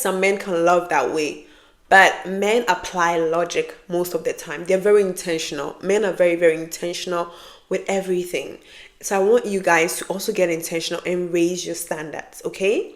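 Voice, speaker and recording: A woman vlogger giving frank relationship advice to her viewers in a casual, emphatic way, often repeating herself for emphasis and laughing. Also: lowish voice. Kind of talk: casual advice talk to camera.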